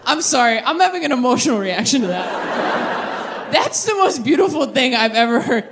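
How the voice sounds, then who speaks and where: Brash, animated young woman doing stand-up. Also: high-pitched, a loud crowd, very noisy. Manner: brash, profane, rapid tangents. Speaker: stand-up comedian. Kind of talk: live stand-up with crowd work. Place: comedy stage before a live audience.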